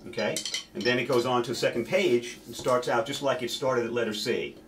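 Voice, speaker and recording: A man's voice: medium pitch, steady tone, brisk, heavy background noise. A man teaching a snare drum solo, counting beats aloud and stopping now and then to correct himself.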